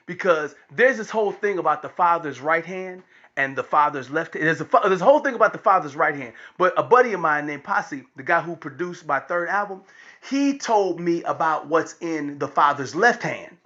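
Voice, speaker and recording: A man telling a comic story with an animated, preacher-like delivery. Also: fairly high pitch, moderate pace, muffled recording. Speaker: comedian.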